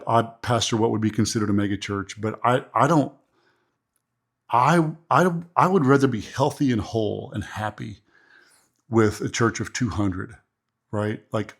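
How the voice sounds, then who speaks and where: A man, a pastor and podcast host giving a motivational leadership talk in a chatty, preachy way, repeating phrases for emphasis. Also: fairly low pitch.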